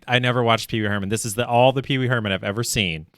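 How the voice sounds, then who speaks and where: A man's voice: mid-range voice, quick pace, fairly bright tone, clean tone, dry recording, clean studio sound. A man streaming casually while he stitches, rambling along with self-deprecating asides. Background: faint lo-fi music.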